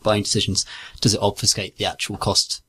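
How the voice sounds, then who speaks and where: Man, husky voice, low pitch, articulate, casual podcast chat. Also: completely flat delivery, sharp tone. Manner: articulate, measured. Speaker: podcast co-host.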